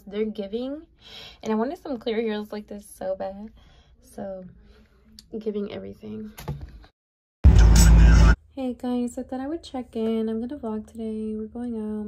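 A young woman chats to her vlog camera in a bright, upbeat way. Her voice sits a little high and slides often into vocal fry. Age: young adult. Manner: upbeat and chatty. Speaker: vlogger.

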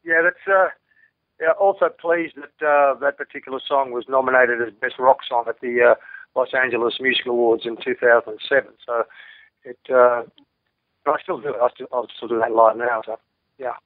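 A man's voice: mid-range voice, steady tone, moderate pace, no echo. Australian man rambling on a phone line. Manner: rambling and laid-back, many fillers and restarts, chuckles often. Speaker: interview guest, rock singer. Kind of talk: casual interview chat. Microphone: telephone. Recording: dry tinny phone line.

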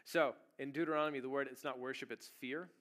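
A man preaching a sermon in a church at a medium pitch. He tells the story in a casual, chatty way and often jumps into loud, emphatic bursts. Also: steady tone, fast. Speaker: pastor. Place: church sanctuary.

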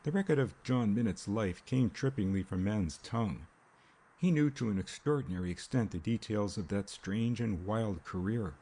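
A male audiobook narrator reading in an even, unhurried style. His voice is low and mellow with a husky grain. The delivery stays steady throughout. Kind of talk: scripted narration.

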